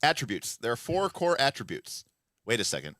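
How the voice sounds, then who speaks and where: Animated man with a lively voice. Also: medium pitch, brisk, no echo, studio quality. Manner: animated, acts out quoted players. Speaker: podcast co-host. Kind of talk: casual panel chat about tabletop games.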